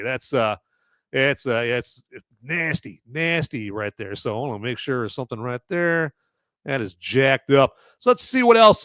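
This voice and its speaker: A man's voice: a little high, a bit bright, clean tone, dry recording. A middle-aged man hosting a podcast, giving casual, sarcastic commentary in a rambling way, full of fillers. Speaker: podcast host.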